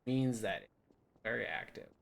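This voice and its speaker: A man's voice: on the low side, huge pitch swings, unhurried, vocal fry. Rambling goofy young man touring a game map. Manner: goofy, rambling, playful silly voices. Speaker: game video host. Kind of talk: rambling casual map tour.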